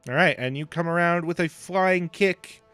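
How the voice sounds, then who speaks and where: A man serving as game master, narrating turns in a brisk, matter-of-fact way. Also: fairly high pitch, a bit bright, smooth, no echo. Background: faint music.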